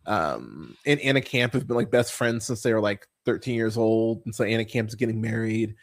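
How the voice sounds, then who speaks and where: A man's voice: fairly low pitch, normal speed, vocal fry. Rambling, profane man reviewing movies. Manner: rambling, profane, laughing often, swooping into mocking voices. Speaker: podcast host. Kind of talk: casual movie review chat.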